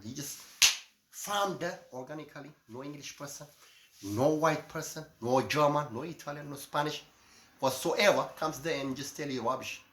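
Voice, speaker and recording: A man's voice: medium pitch, a little hiss or hum. Impassioned middle-aged man in an echoey room. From Eritrea. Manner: ranting, repeats "my friend", swings loud and soft. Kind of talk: impassioned monologue. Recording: echoey room with faint ambience.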